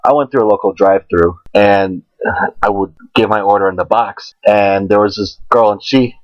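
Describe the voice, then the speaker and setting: A man's voice: fairly low pitch, moderate pace, no echo, dull audio. A young man co-hosting a casual podcast, rambling through crude, joking stories. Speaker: podcast co-host. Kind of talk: casual chat.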